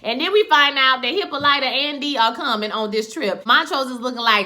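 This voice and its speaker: A woman's voice: sits high, a little fast, few pauses, pushed and bright. A young adult woman giving a casual, candid recap of a TV episode in a chatty, slangy storytelling way.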